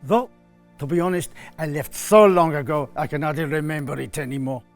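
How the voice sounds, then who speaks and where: A man's voice: on the high side, brisk, vocal fry, soft background music. A man doing a Roman soldier, Italian accent. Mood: storytelling. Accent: put-on Italian. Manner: theatrical, lilting storytelling. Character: weary homesick Roman foot soldier. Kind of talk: educational drama.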